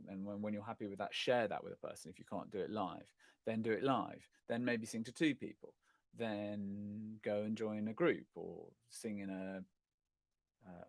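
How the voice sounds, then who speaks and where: A man's voice: lowish voice, gravelly, no room sound. A middle-aged man hosts a casual livestream chat, answering viewer questions in a rambling, self-correcting, self-deprecating way. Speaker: host of a live chat stream.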